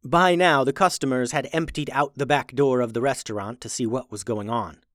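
A children's podcast host reading a storybook aloud in a lively, upbeat way. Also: mid-range voice, normal speed, dry recording, clean studio sound. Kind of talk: storybook narration.

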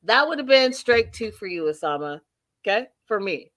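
A woman's voice: mid-range voice, big pitch swings, normal speed, a bit bright, no echo. A woman hosting a casual reality TV recap, emphatic and repeating phrases for effect. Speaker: show host.

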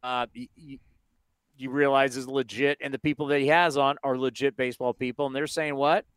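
A man's voice: medium pitch, little pitch movement, fairly quick, a bit bright, smooth, dry recording. A man hosting a baseball talk show, talking casually and emphatically, firing off rhetorical questions. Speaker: sports talk show host.

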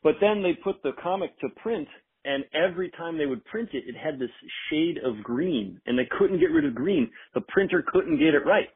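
A man's voice: on the high side, animated, moderate pace, slightly rough. A man with a South Side Chicago accent, calling in to a show and telling a story in a laid-back, chatty voicemail. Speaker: caller leaving a voicemail. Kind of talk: casual call-in message. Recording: tinny phone line.

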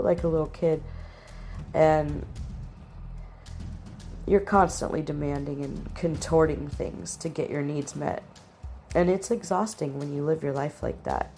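A woman's voice: sits low, mellow. A woman teaching about relationships in a plain-spoken, direct way, giving firm practical instructions. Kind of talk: instructional talk to camera.

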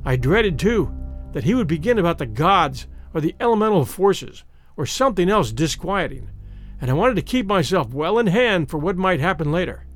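A man narrating a classic ghost story in a measured, dramatic storytelling manner. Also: sits high, big pitch swings, faint music behind. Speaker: audiobook narrator.

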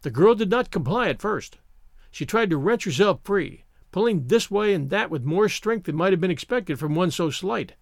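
A man narrating a historical story as a scripted audiobook, measured and expressive. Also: sits high, vocal fry, dry recording, studio quality.

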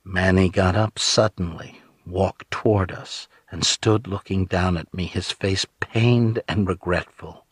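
A man narrates an audiobook in the first person with measured, steady storytelling. His deep voice moves at an unhurried pace. The close studio mic gives a dry sound with no room around it. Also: husky, no room sound.

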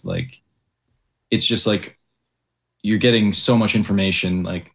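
A man's voice: on the low side, steady tone, moderate pace, vocal fry, long pauses. A young man, an Olympic ski jumper, talking casually as an interview guest, hesitant with many likes and restarts.

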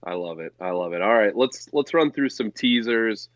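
A man's voice: lowish voice, lively intonation, moderate pace, no echo. A man co-hosting a casual sports betting podcast, talking bluntly and profanely in a ranting way. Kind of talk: casual chat.

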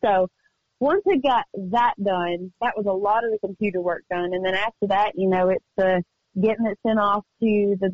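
A woman singer-songwriter chatting as a guest in a radio interview, telling stories in an upbeat, quick way. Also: mid-range voice, no room sound, lo-fi sound. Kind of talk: casual radio interview chat. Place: remote call from home studio.

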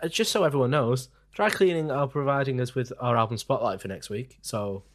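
A man's voice: medium pitch, fairly quick. A man co-hosting a music podcast, introducing tracks with wry, teasing remarks. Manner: wry, teasing, laughs often. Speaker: podcast co-host. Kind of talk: casual music chat.

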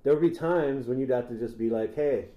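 A man's voice: medium pitch, fairly quick, warm tone, roomy sound. A man co-hosting a casual comedy podcast, talking loosely, swearing and laughing often. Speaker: podcast co-host.

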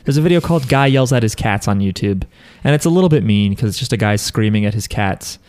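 Podcast host, young man, low voice, loose rambling delivery with fillers and laughter. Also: expressive, quick pace, darkish tone, clear, resonant tone. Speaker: podcast host reading listener emails. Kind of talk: casual chat.

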